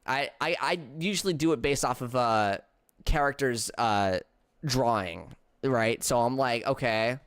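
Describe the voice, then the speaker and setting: A man's voice: mid-range voice, unhurried, a bit bright, smooth, dry recording, clean studio sound. A young man streaming a mystery game, chatting in a rambling, stammering, self-deprecating way between voiced lines. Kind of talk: casual gameplay commentary and voice acting.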